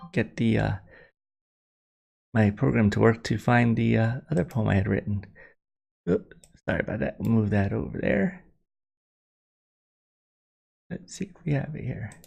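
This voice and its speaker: Gravelly-voiced man chatting on a stream. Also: lowish voice, a little slow, long pauses, darkish tone. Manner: rambling, apologetic, many fillers and restarts. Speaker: livestream host. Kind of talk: casual livestream chat.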